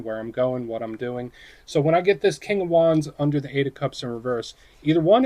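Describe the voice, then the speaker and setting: A man's voice: mid-range voice, darkish tone. Chatty man giving a tarot reading. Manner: chatty, addresses viewers directly, acts out short quoted voices. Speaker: tarot reader. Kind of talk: casual tarot reading to camera.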